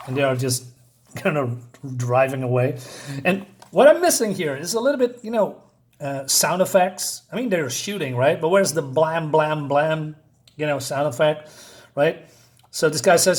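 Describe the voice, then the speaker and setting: Excited man with a fairly high voice. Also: normal speed. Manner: enthusiastic, chuckles often, says "badass" and "right?". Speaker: comic book reviewer. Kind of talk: casual comic review with read-aloud panels.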